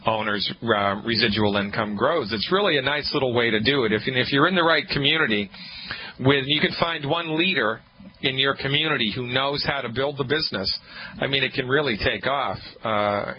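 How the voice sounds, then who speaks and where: A male radio show host giving call-in advice in an upbeat, salesy way, repeating his key points. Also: medium pitch. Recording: muffled radio broadcast with faint noise.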